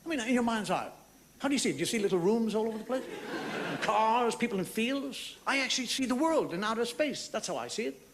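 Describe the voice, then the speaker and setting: A man's voice: very high-pitched, lively intonation, quick pace, background noise. A man doing a stand-up comedy monologue in a wry storytelling way, with mock-outraged asides. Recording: live theatre recording with loud audience laughter. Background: audience laughing.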